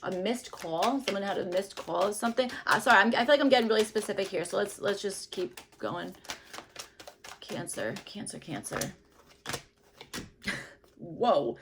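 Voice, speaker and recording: A woman doing a casual tarot reading to camera, rambling loosely with lots of fillers and hedges, dropping to soft murmurs now and then. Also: mid-range voice, fast talker, few pauses, noisy background. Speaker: tarot reader.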